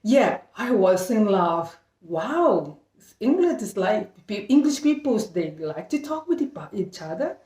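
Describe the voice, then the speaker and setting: A middle-aged Brazilian woman whose first language is Portuguese, telling a casual story in halting English, restarting often and laughing between phrases. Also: mid-range voice, very animated, mellow, far from the mic. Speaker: vlogger. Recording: echoey room, voice a bit off-mic.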